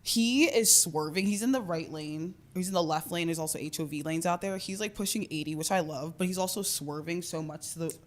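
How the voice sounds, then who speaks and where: A woman's voice: on the low side, fairly quick, hardly any pauses. A woman in her twenties co-hosting a podcast, telling a long story in casual chat, swearing and saying "like" a lot. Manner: chatty storytelling, swears often, says "like" a lot. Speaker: podcast co-host.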